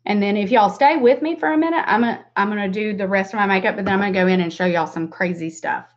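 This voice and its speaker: A Southern American woman in her forties, a makeup vlogger, runs a casual livestream tutorial with a mid-range voice at a quick pace. She greets viewers by name and laughs a lot, and the livestream audio is dull and lo-fi.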